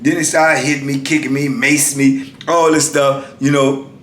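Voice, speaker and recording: A middle-aged man telling his own story in a casual, slangy, emphatic way, acting out shouted exchanges. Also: little pitch movement, normal speed. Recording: echoey room with faint rumble.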